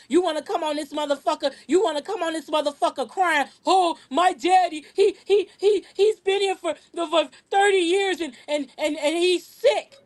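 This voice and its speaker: A woman hosting a live-streamed podcast, talking in an aggressive, profane, emphatic way and repeating words when heated. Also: sits high. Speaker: podcast host.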